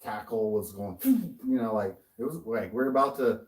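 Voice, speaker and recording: A man's voice: on the low side, lively intonation, normal speed, distant mic, a crowd in the background, low-quality recording. A man co-hosting a podcast, telling a story in casual chat, swearing often and laughing as he goes. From American. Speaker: podcast co-host.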